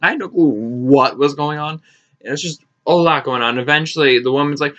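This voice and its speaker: A young man tells a story to the camera, animated and sarcastic, with a bright, forward voice. He swears freely and jumps up into high, mocking voices when he quotes people. The audio is a little dull and lo-fi. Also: brisk. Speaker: vlogger. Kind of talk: casual storytime.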